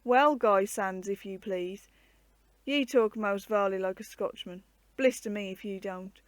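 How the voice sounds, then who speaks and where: Storybook part: a rasping, bullying army corporal, loud and sarcastic, read by a woman. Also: medium pitch, normal speed, dry recording, lightly acted. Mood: mocking. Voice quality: hoarse rasp. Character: gruff hoarse male dragoon corporal, sneering bully.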